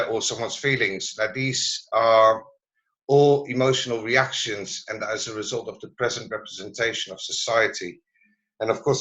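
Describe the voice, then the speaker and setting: Guy presenting on a video call, lowish voice but bright and forceful, stops and hunts for words a lot. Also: low-quality recording. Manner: halting, searching for words. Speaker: presenter at a learning network meeting. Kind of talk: online meeting presentation.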